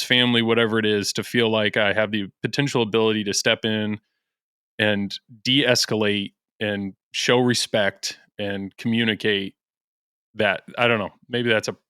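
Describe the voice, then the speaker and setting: A man's voice: fairly low pitch, fairly even intonation, moderate pace, fairly bright tone, clear, resonant tone, no room sound, studio quality. A man from the American Midwest, a podcast guest in casual chat, talking in an earnest, self-deprecating way and laughing easily.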